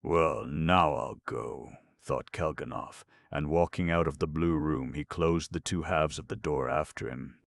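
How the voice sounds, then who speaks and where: A man narrating an audiobook in a measured, steady reading. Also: a bass voice, gravelly, no room sound, clean studio sound. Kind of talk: scripted narration.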